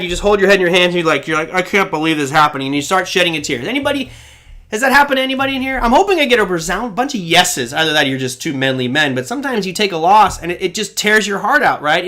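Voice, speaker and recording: A man's voice: high voice, bright, forceful tone. A man in his forties hosting a live trading show, answering chat questions bluntly and acting out quoted reactions.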